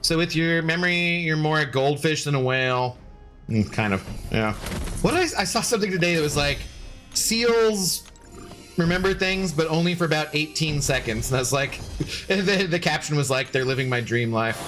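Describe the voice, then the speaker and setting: A man's voice: a little high, animated, moderate pace, a bit bright, faint music behind. A young man streaming a game, chatting casually and jokingly with his viewers as he plays. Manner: chatty, rambling, joking with chat.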